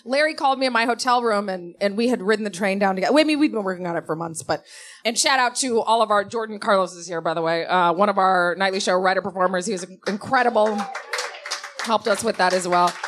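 A young woman, a comedy writer, telling funny stories in a lively, laughing way and acting out the people in them. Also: mid-range voice, quick pace. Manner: animated, laughs often, acts out voices in her stories. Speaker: comedy writer and guest storyteller. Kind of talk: casual comedic storytelling before a live audience.

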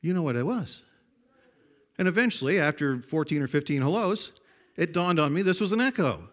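An older man preaching a sermon, telling folksy stories that swing from hushed to loud. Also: fairly high pitch, animated, fairly quick.

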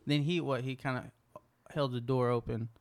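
A woman's voice: rumbling low, fairly even intonation, moderate pace, a little mellow, no echo. A young woman co-hosting a podcast, telling stories in loose, casual chat full of swearing. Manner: loose, profane storytelling. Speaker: podcast co-host.

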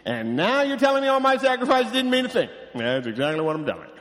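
A man preaching a sermon as pastor, animated and acting out the people he quotes. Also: very high-pitched, fast, big-room sound. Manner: animated, acts out quoted voices.

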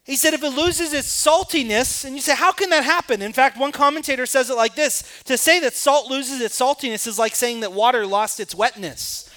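A man preaching with passion, his voice sitting high and ringing bright. He swings from hushed, close moments to loud emphatic peaks as he presses each point on the congregation. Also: fairly quick, few pauses. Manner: impassioned preaching, rising to emphatic peaks and dropping to quiet asides. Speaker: pastor. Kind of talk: sermon.

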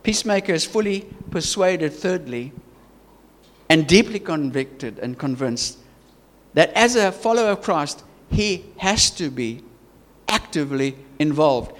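South African man, pastor, sermon delivery, emphatic with restarts, higher voice, reverberant hall. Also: animated, measured pace. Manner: earnest, emphatic, stumbling restarts and repetition. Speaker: preacher.

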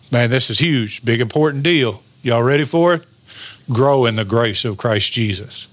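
A man delivers a sermon at a mid pitch. He works his congregation with call-and-response and draws his important lines out slowly. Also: expressive, dry recording. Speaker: pastor.

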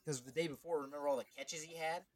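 Animated man chatting sports stats. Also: on the high side, quick pace. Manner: animated, rambling, reads stats aloud. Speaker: podcast co-host. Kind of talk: casual sports chat.

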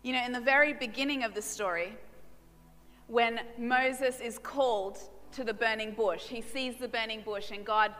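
A woman's voice: on the high side, fairly even intonation, normal speed, fairly bright tone. A woman pastor preaching a sermon with passion and emphasis, repeating key lines. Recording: reverberant hall with music behind.

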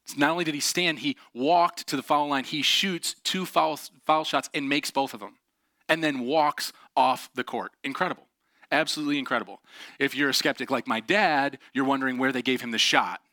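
A man giving a motivational talk, telling personal stories in an animated, earnest way and laughing often. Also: medium pitch, fairly quick, no echo, studio quality. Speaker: speaker.

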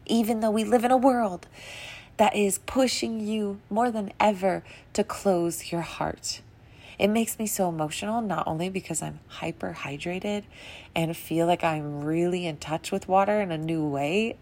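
On her podcast, a young woman with a lowish, darkish voice muses casually on wellness and spirituality. She comes across as heartfelt and emotional, letting her sentences drift and laughing as she goes.

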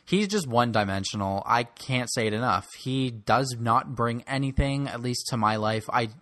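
A man's voice: mid-range voice, normal speed, fairly bright tone, no echo, studio quality. A young man giving blunt, snarky opinions on pop music as host of a solo commentary show. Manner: snarky and blunt, rants about artists.

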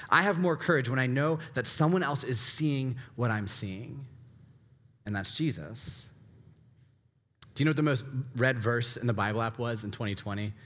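A man's voice: medium pitch, a bit bright. A man preaching a sermon as a pastor, earnest and repetitive, often checking in with a questioning "right?". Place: church sanctuary. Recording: long hall reverb.

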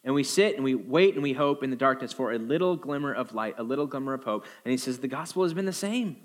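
A man preaching a sermon as a pastor, animated and jokey, acting out quoted voices in a higher pitch. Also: quick pace.

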